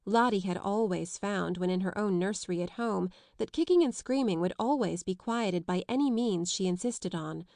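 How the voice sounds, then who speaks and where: Lady reading a classic kids' novel, calm storytelling, dry close sound. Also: mid-range voice, no echo. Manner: measured storytelling. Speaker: audiobook narrator. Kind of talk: scripted narration.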